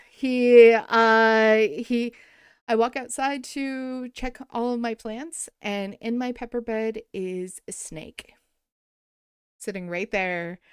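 A woman hosting a podcast, chatting casually and telling animated stories with frequent laughter. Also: on the high side, clean tone, dry recording, clean studio sound. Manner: animated storyteller, laughs often. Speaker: podcast host.

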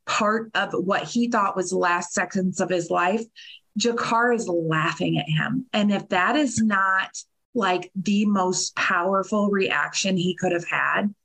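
A woman's voice: mid-range voice, a bit bright, low-quality recording. A woman on a podcast panel, talking in a blunt, enthusiastic, casual way and swearing freely. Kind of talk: casual chat.

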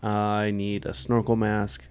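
A man's voice: fairly low pitch, completely flat delivery, slow, darkish tone, faint music behind. A man playing a tabletop role-playing game, talking in a playful way. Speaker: player.

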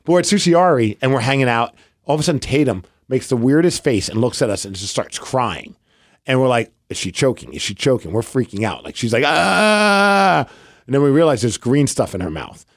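Lively, rambling male podcast host. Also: mid-range voice, quick pace, no echo, studio quality. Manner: rambling storyteller, lots of "like". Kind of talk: casual chat.

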